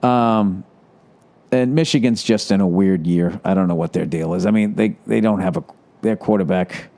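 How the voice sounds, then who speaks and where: A man's voice: low voice, moderate pace, creaky, warm tone. A man hosting a solo podcast, ranting about sports in a profane, sarcastic way. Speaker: podcast host.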